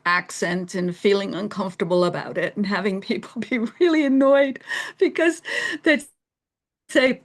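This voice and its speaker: A woman's voice: mid-range voice, normal speed. Chatty woman telling stories. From England. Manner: animated storyteller, laughs often, acts out voices. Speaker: guest. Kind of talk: casual interview storytelling.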